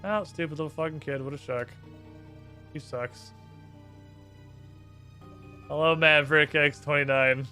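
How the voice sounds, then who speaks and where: A man's voice: a little high, measured pace, pauses often, sharp tone, faint music behind. A man streaming a video game, cursing and talking sarcastically to himself as he plays. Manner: profane, sarcastic, talks to himself. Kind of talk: live gameplay commentary.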